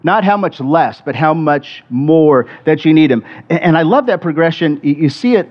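A man's voice: on the high side, lively intonation, moderate pace. A middle-aged man preaching a sermon in a conversational way, often restarting and repeating words. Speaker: pastor. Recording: muffled lo-fi sermon recording.

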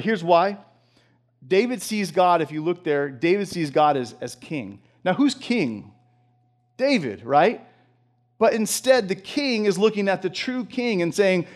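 A man's voice: high-pitched, lively intonation, normal speed. A man delivering a sermon with a slightly raised voice. He talks conversationally, building fervor and breaking into chuckles, with plenty of restarts along the way. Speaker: pastor.

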